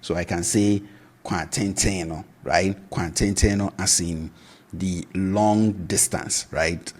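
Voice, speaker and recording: Brief: male language tutor, low husky voice, patient, repeats each word for the learner. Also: fairly even intonation, slow pace. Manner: patient, repeats words to drill pronunciation. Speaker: language teacher. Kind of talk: video lesson explanation.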